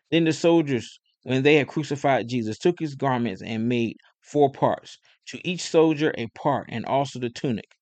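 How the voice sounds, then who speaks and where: A man reading scripture aloud in an even, steady manner. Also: medium pitch, normal speed, few pauses, dry recording. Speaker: scripture reader.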